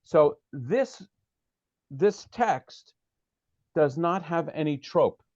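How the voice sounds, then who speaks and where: A man's voice: on the high side, expressive, very slow, a little mellow, no room sound, dull audio. Man teaching an online Hebrew class. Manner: patient, explanatory, checks that students follow. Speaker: teacher of a prayer study class. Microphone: video call.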